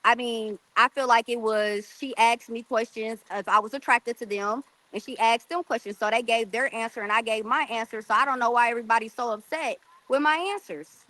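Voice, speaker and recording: A woman's voice: fairly high pitch, fairly even intonation, brisk, hardly any pauses, bright, forceful tone, poor audio. A woman guest talking in a sassy, defensive way in a casual live chat from beside a pool. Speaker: podcast guest, rapper. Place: outdoors by a pool.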